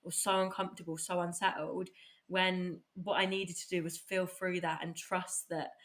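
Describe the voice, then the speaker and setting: A bubbly, enthusiastic woman hosts a casual podcast chat. Her voice sits a little low, and she laughs easily between her thoughts. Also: little pitch movement, normal speed, fairly bright tone. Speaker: podcast host.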